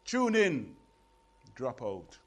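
A man's voice: mid-range voice, huge pitch swings, drawn-out words, heavy background noise. A middle-aged British man performing poetry to a live audience, with a rhythmic chanting delivery and playful banter with the crowd. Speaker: performance poet.

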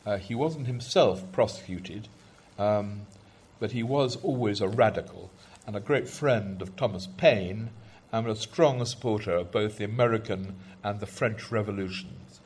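Hesitant man with a low voice. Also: unhurried, few pauses, darkish tone, breathy edge. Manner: hesitant, many ums and restarts. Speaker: speaker introducing poems. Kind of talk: conversational talk.

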